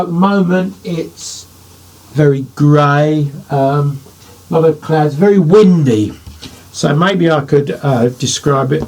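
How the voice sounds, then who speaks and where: A man's voice: mid-range voice, gravelly, a little mellow, breathy edge. An older man, a poet, giving a writing lesson to children, thinking aloud as he drafts and praising imagined answers.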